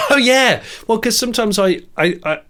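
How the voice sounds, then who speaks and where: A man's voice: high-pitched, expressive, moderate pace, fairly bright tone. A man co-hosting a podcast, telling rambling anecdotes in casual chat, full of restarts and laughs. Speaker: podcast co-host.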